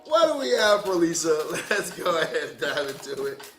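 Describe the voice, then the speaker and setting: A man's voice: a little high, sing-song, moderate pace, noisy background. A man giving a casual livestream tarot reading, loose and profane, joking and laughing easily. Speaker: tarot card reader. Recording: echoey room with music.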